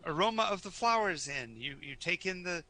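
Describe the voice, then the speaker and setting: A man's voice: high voice, lively intonation, fairly quick, pushed and bright. A man narrating a live tabletop game as game master, stammering and repeating words as he tells the story.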